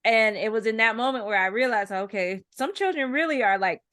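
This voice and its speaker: A woman's voice: fairly high pitch, lively intonation, brisk, fairly bright tone, dry recording, studio quality. A woman co-hosting an interview, sharing a story conversationally. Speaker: podcast co-host.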